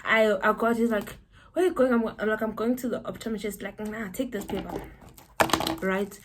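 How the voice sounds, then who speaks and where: A young South African woman telling a personal story to camera, animated and breaking into high exclamations. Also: brisk, very noisy. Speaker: vlogger.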